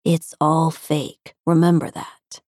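A woman narrator voicing a soft-spoken young man, a tender stepbrother who talks in a husky murmur. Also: deep voice, little pitch movement, slow, dry recording, clean studio sound. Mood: reassuring.

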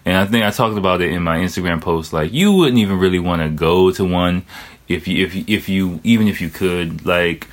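Laid-back man, low voice, swearing freely. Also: brisk. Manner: loose, profane, heavy on filler words. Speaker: vlogger. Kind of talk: casual storytelling monologue.

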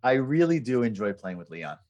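A man chatting as a podcast guest, telling animated stories full of fillers like "like" and "right". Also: mid-range voice, brisk, highs cut off. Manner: animated storyteller with lots of fillers. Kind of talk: casual chat.

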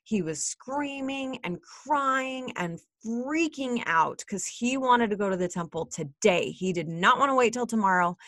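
A woman's voice: medium pitch, fairly bright tone, dry recording, clean studio sound. A woman in her thirties, a mother, telling a candid personal story in a chatty way and often checking in with "right?".

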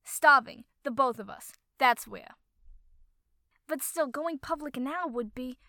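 A woman voicing a furious man of about thirty, scolding loudly. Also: extremely high pitch, slow, creaky, no room sound, studio quality, voice pushed up, full character voice.

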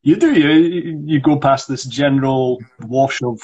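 A man's voice: mid-range voice, unhurried, a little mellow, slightly rough, muffled recording. A man with a northeast Scottish accent, an acting coach chatting loosely on a livestream with frequent restarts. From northeast Scotland. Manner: chatty, lots of restarts and fillers. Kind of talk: livestream chat.

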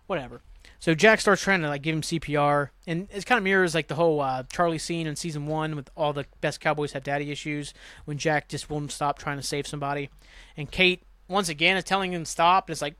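A man hosting a podcast, casually recapping a TV episode in a rambling way, swearing and jumping into quick voices for the characters. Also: a little high, a bit bright, no room sound. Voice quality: rambling, swears, acts out lines with quick voice jumps. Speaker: podcast host.

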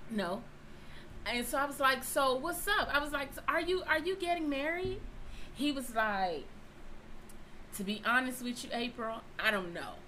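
A woman's voice: fairly high pitch, measured pace, long pauses, sharp tone, a little hiss or hum, low-quality recording. A woman telling a personal story in casual chat, acting out both sides of the dialogue.

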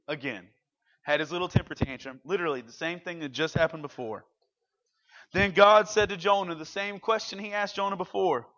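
A man's voice: sits high, a little fast, bright, forceful tone, muffled recording. A man in his thirties preaching a casual youth sermon, speaking conversationally and animatedly and acting out the quotes. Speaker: youth pastor.

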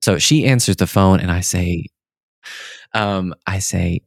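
A young man co-hosting a podcast in casual chat, telling a story with lively acted-out quotes. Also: low voice, unhurried, gravelly, dry recording, studio quality. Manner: animated storyteller who acts out the people in his stories. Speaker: podcast co-host.

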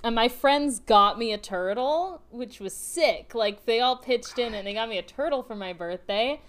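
A woman in her twenties telling an animated, flustered story in a casual chat. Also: sits high. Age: 20s. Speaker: podcast co-host.

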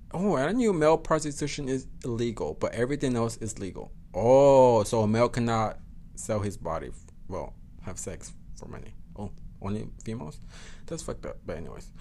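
A man hosting a solo podcast, chatting casually, swearing often and correcting himself as he goes. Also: medium pitch. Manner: profane, code-switches into Spanish, self-correcting. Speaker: podcast host.

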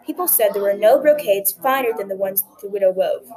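A woman telling a folktale aloud in a gentle, expressive narrating voice. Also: medium pitch, brisk, poor audio. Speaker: storyteller. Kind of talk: folktale reading.

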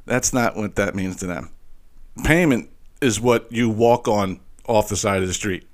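A man with a slight Philadelphia accent, hosting a podcast in a rambling, animated monologue full of profanity and restarts. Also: on the low side, a little slow. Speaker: podcast host.

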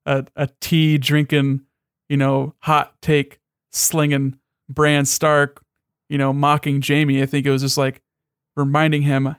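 A young man with a gravelly, fry-laced voice sitting a little above the usual male pitch. He talks in casual chat, rambling and swearing freely with many restarts. The sound is dry and close. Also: completely flat delivery, measured pace, no room sound.

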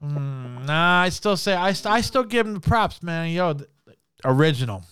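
Excited, swearing male podcast host. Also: on the high side, normal speed, clear, resonant tone, dry recording, clean studio sound. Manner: profane, enthusiastic, laughing. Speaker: podcast host picking the songs. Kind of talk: casual music-review banter.

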